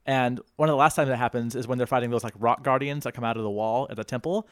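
A man's voice: mid-range voice, steady tone, quick pace, no room sound, studio quality. A man co-hosting a casual chat, recounting scenes and acting out the characters' voices. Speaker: podcast co-host.

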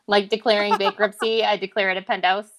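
A woman's voice: mid-range voice, level tone, fast talker, a bit bright. A woman pharmacist chatting casually on a podcast, hesitant and self-deprecating, with frequent giggles. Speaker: pharmacist guest.

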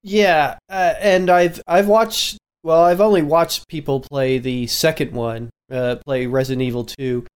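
A man's voice: on the high side, fairly even intonation, measured pace, few pauses, clean tone. A man co-hosting a casual gaming podcast, speaking agreeably with frequent hesitant restarts. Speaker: podcast co-host.

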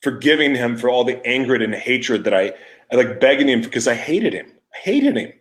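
A man's voice: mid-range voice, fairly quick. A man hosting his own podcast, telling a raw personal story in a candid, emotional way, with frequent restarts and trailing thoughts. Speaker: podcast host.

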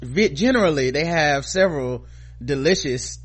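A man's voice: fairly high pitch, lively intonation, normal speed, husky. A man co-hosting a podcast in casual chat, riffing with joking, mock-indignant asides. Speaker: podcast co-host.

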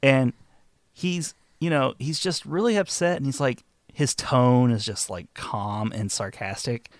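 A man co-hosting a casual movie-review podcast, jokey and profane, often breaking into loud mock voices. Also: mid-range voice, unhurried, no room sound. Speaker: podcast co-host.

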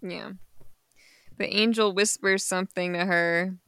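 Slow-talking woman podcaster, dry sound. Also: mid-range voice, steady tone, fairly bright tone, clean tone, dry recording. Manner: chatty, unsure asides, laughs easily. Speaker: podcast co-host. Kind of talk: casual chat recapping comics.

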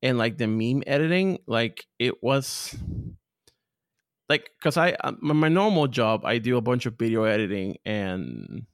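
Man, Spanish accent, native Spanish speaker, podcast guest, animated and profane, dry close mic. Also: unhurried, no room sound. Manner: animated storyteller, big pitch jumps, profane. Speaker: podcast guest, content creator. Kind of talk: casual interview chat.

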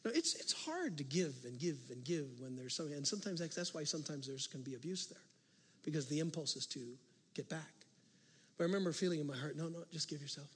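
Pastor preaching in an echoing hall. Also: male voice, on the high side, fast talker, a little hiss or hum. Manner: animated storytelling, swings from loud to hushed. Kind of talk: sermon. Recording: long reverb of a large hall.

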